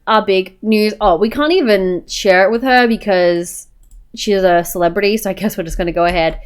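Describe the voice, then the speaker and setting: A woman's voice: mid-range voice, moderate pace, clean tone. A woman giving casual, chatty commentary while playing a life-sim game, often saying "go ahead and". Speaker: gameplay narrator.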